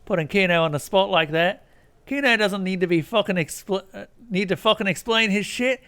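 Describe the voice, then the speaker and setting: A man voicing a brash, foul-mouthed male punk who speaks of himself in third person, in a shouty, crude and boastful manner. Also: high voice, unhurried, smooth, voice pushed up. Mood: angry ranting.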